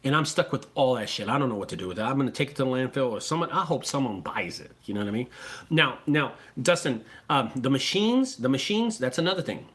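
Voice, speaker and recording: Excitable, swearing man with a lively voice. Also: medium pitch, quick pace. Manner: excitable, swears freely, repeats words. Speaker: junk removal business owner. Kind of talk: casual profane vlog talk.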